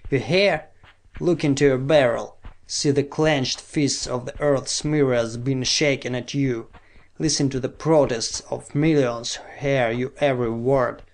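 A man putting on a rasping, sneering old scientist. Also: medium pitch, fairly even intonation, measured pace, natural voice. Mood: jeering. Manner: jeering, sarcastic. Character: sneering centuries-old male scientist rival. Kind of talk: audiobook reading.

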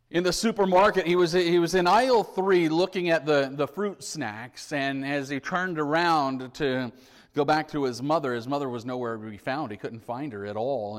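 An earnest male preacher telling a story from the pulpit, his fairly high voice swelling and dropping for emphasis. Words often repeat as he builds a point. A long reverb rings through the large hall. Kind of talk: sermon with storytelling.

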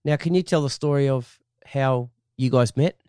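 Relaxed male podcast host, dry sound. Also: medium pitch, moderate pace, clear, resonant tone, dry recording. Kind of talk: casual interview questions.

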